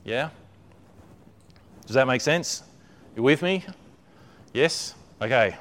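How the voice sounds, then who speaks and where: A man's voice: medium pitch, animated, slow, fairly bright tone. A man preaching a conversational sermon, often checking in with his listeners and repeating words as he builds a point.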